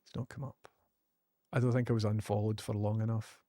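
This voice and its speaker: A man's voice: lowish voice, little pitch movement, a little fast, warm tone, no room sound, studio quality. A Scottish man chatting casually on a live stream, joking and laughing often.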